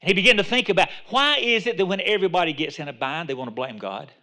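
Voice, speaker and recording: Pastor, male, high bright voice; chatty sermon delivery with restarts, builds to emphatic calls. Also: lively intonation, quick pace. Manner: conversational preaching, rising to emphatic exhortation; repeats words and restarts phrases.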